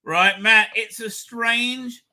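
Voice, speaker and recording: His voice is very high, bright and forceful, held at a steady tone and delivered very slowly. He's a middle-aged man running a casual livestream, wandering through viewer comments with frequent fillers, restarts and an irreverent streak.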